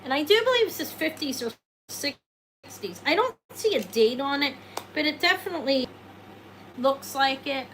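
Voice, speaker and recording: A talkative woman host on a live sale, with a bright, forceful edge and a voice that sits a little high. She rambles from item to item, answers viewers as she goes and laughs at herself. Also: lively intonation, normal speed, long pauses, slight background noise, low-quality recording. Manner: self-deprecating, jokes and laughs. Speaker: host selling jewelry live. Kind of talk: casual live sales chat.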